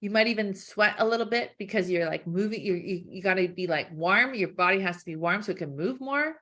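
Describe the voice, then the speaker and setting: A woman coaching in a webinar, talking conversationally with lots of "like" and "right?", acting out quick quoted thoughts with gasps. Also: medium pitch, sharp tone. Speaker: weight-loss coach. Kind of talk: webinar teaching.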